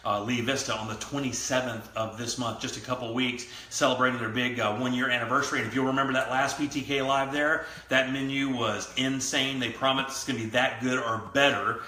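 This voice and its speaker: Bright-voiced man hosting a cooking show. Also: medium pitch, reverberant, rough recording. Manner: chatty, loose, joking asides. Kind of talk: casual cooking demonstration. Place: kitchen studio.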